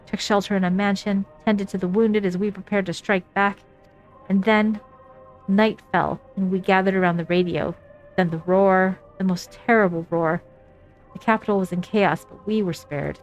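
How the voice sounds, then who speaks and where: A woman's voice: medium pitch, steady tone, moderate pace, soft background music, lightly acted. A woman voicing a bitter, wounded young male enemy soldier, reading game dialogue aloud with light drama. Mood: hostile.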